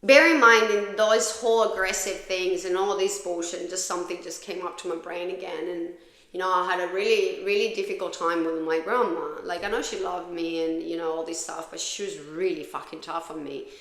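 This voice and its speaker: A woman's voice: fairly low pitch, steady tone, fairly quick, a bit bright, reverberant. A woman hosting a podcast, telling her own story in a raw, profane, confessional way. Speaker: podcast host. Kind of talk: candid personal storytelling.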